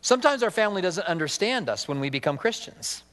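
A man's voice: high voice, very animated, fast talker, fairly bright tone, long reverb tail. A man preaching a sermon in a conversational way, putting questions to his congregation. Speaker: pastor.

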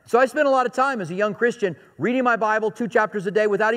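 A man's voice: high voice, quick pace, fairly bright tone, in a large hall. A man preaching a sermon as pastor, talking in a conversational, joking way and hammering points home by repeating them. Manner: conversational and joking, with emphatic repetition.

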